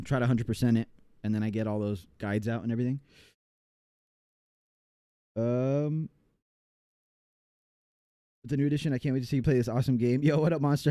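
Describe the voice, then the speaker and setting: A man's voice: mid-range voice, warm tone, smooth, no room sound, clean studio sound. A man from the United States chatting casually on a live game stream, rambling and reading chat aloud with many fillers.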